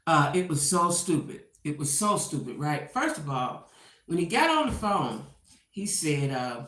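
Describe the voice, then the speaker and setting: A woman's voice: low-pitched, big pitch swings, measured pace, a bit bright, echoey room. A woman hosting a casual gossip commentary, chatting straight to her viewers and tagging her points with "right?". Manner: chatty, talks back to viewers by name; peppers talk with 'right?'. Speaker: host.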